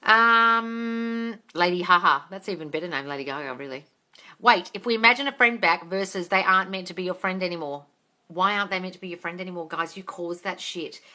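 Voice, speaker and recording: A woman in her forties answering viewers' questions on a phone livestream at home, blunt and exasperated, swearing and often shouting. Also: lowish voice, fast. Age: 40s. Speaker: manifesting coach answering live questions.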